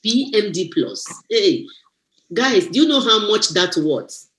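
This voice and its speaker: A woman giving an animated, preachy motivational testimony on a live stream, exclaiming and teasing as she talks. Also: mid-range voice, takes it slowly, echoey room. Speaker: guest speaker.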